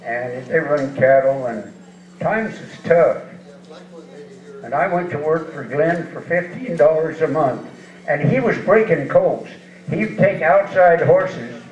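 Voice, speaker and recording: Unhurried and expressive, a man in his eighties with a voice on the high side recalls rodeo days in folksy, rambling anecdotes punctuated by chuckles. He's being interviewed on stage as a rodeo hall of fame inductee from eastern Washington, USA, and the hall audio is echoey, dull and distant.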